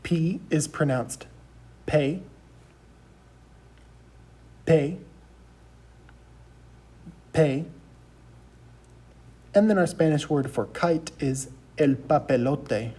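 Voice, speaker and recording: Male teacher, young adult, mellow tone, patient repetitive lecture delivery into a computer mic. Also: on the high side, lively intonation, breathy edge. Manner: slow, patient letter-by-letter drilling with repetition. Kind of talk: recorded class lecture.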